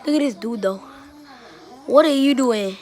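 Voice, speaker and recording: A woman chatting excitedly while filming her playful puppies, often gasping and exclaiming. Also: a little high, normal speed. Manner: excitable, shrieks and gasps, keeps exclaiming. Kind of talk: casual excited commentary.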